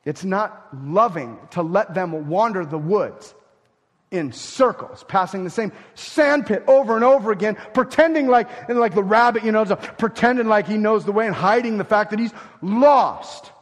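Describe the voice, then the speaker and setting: A man preaching a sermon as pastor, swinging from loud emphatic lines to hushed, near-whispered ones. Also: high-pitched, normal speed, big-room sound.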